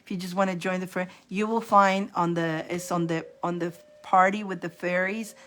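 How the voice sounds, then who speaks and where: A woman hosting a casual live-stream spiritual reading. She is chatty and animated, repeats herself and laughs often. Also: on the low side, moderate pace, a little hiss or hum. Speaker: host giving psychic readings.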